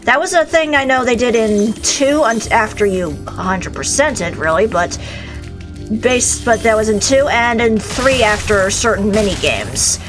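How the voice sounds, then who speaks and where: A young woman co-hosting a game stream, explaining how things work in a chatty way. Her voice is fairly high and swings expressively. Game music plays clearly behind her. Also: animated, a little slow. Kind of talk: casual game commentary.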